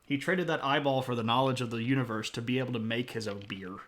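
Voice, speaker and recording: A man's voice: mid-range voice, fast talker, noisy background. A man streaming live, chatting casually with viewers in a playful, self-mocking way. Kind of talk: casual chat reading viewer comments.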